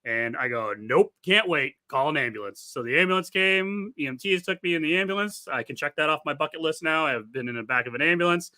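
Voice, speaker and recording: A man's voice: on the high side, fast talker, few pauses, pushed and bright, no echo. A man co-hosting a casual sports podcast, ranting indignantly and swearing freely. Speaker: podcast co-host.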